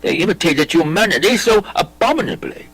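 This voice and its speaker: A man reading a classic play aloud, voicing a brooding, intense young prince with lively theatrical delivery. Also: fairly high pitch, fairly quick, breathy edge, no echo, poor audio. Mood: instructing. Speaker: audiobook reader.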